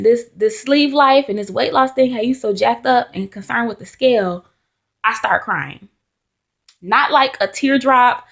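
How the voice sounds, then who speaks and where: A young adult woman vlogging in casual chat to camera, telling stories in a chatty, animated way with candid asides. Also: a little high.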